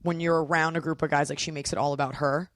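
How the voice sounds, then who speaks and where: A young woman comedian, a guest on a podcast, talking in a casual, animated way and acting out quotes. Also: deep voice, fast talker, dry recording, studio quality. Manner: animated storytelling with acted quotes. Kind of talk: casual chat.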